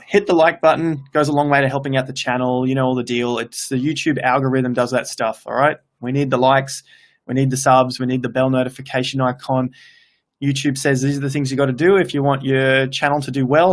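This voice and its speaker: Un hombre australiano de unos treinta años presenta en vivo un canal de criptomonedas, charla animado mientras lee los comentarios y a menudo se corrige a mitad de frase. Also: male voice, medium pitch. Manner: chatty, upbeat, thinks aloud with restarts. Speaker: crypto YouTuber hosting a livestream. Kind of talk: casual livestream chat reading comments. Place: home room with laptop set up.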